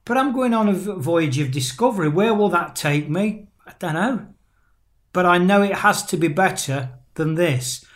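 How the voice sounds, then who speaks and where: A man hosting an interview who asks thoughtful questions, pausing to search for his words. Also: high-pitched, lively intonation. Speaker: podcast host. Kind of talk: casual interview chat.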